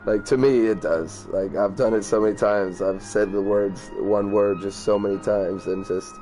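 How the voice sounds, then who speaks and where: A man's voice: lowish voice, fairly even intonation, normal speed, mellow, soft background music. A man casually commenting on a game he plays, reading its lines aloud, rambling, swearing and stumbling over hard words. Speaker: let's play gamer.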